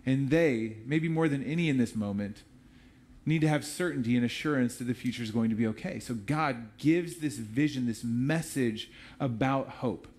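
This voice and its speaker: A man's voice: medium pitch, normal speed, a little mellow. A man preaching a sermon as pastor, in a conversational, storytelling way with casual asides.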